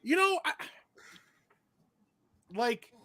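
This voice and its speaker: A man's voice: very high voice, animated, extremely slow, pushed and bright, no room sound. A man co-hosting a livestream, talking in a blunt, rambling, sweary way. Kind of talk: casual livestream chat.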